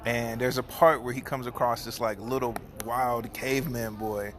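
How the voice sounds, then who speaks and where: A man speaking casually and sincerely in a middle-pitched voice. He rambles and restarts his sentences, then moves into heartfelt prayer. A steady wash of background noise runs under the recording. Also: moderate pace. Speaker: barber and host.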